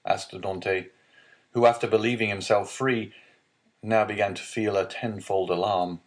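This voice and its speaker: A man narrating a classic novel as a calm bedtime audiobook, reading slowly and evenly. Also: lowish voice. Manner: slow, even, soothing reading. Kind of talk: calm scripted narration for sleep.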